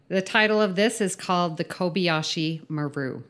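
Brisk woman hosting a podcast game. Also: on the low side, a bit bright. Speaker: podcast co-host. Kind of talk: casual chat.

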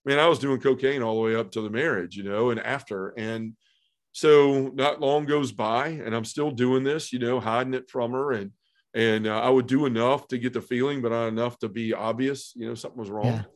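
In a podcast conversation, a middle-aged man recounts his own experience sincerely and from the heart, saying "you know" and "man" a lot. His voice sits mid-range, moving at a moderate pace with fairly even intonation.

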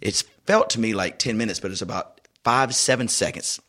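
Low-voiced man telling an animated story. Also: brisk. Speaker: youth soccer coach. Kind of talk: casual chat.

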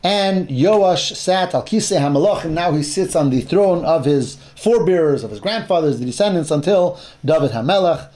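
Pria pengajar dengan suara agak tinggi. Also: male voice, fairly high pitch, animated, darkish tone. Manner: halting, restarts phrases, mixes in Hebrew terms. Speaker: Bible teacher. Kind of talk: explanatory Torah class.

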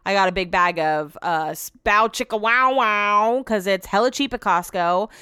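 A young woman hosting a podcast, telling a story in a chatty, animated way and acting out everyone's lines. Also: medium pitch, unhurried, clean tone, no echo. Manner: chatty, animated, quotes herself and others; laughs while telling the story. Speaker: podcast host. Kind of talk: casual storytelling chat.

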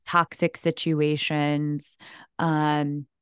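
A woman host with a low voice speaks slowly and empathetically, reflecting on her guest's story. Her tone is smooth and resonant, recorded close and dry. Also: level tone, no echo. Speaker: podcast host. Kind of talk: casual interview chat.

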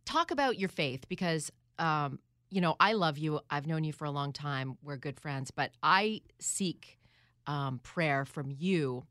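A woman with a low-pitched voice hosts the conversation, asking questions and reflecting back on what she hears. Her sound is dry and close to the mic. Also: animated, a little slow, a bit bright, dry recording. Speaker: interviewer. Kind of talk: interview.

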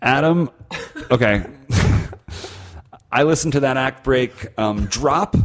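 A man's voice: medium pitch, takes it slowly. A man co-hosting a comedy podcast, chatting casually and building up bits with mock seriousness. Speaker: podcast co-host.

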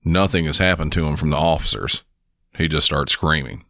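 A man tells the story of a police call in a calm, matter-of-fact scripted narration. His voice sits very low but has a bright, forward edge. The recording is dry and close-miked. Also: a little fast, vocal fry, dry recording.

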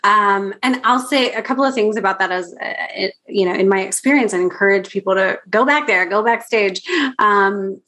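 A woman's voice: medium pitch, normal speed, fairly bright tone. A woman hosting a podcast interview, talking casually and enthusiastically with lots of fillers. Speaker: podcast host.

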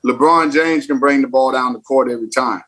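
A man's voice: medium pitch, fairly quick, sharp tone, low-quality recording. A man and former baseball player, a podcast guest, telling stories emphatically and repeating phrases for effect. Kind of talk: casual podcast interview.

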